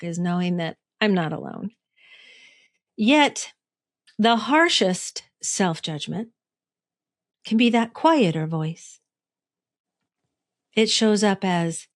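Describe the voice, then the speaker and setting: In a studio-quality, dry recording, a middle-aged podcast host and coach speaks at a medium pitch. On her reflective solo show she keeps things conversational, asks her listeners questions, and chuckles at her own expense.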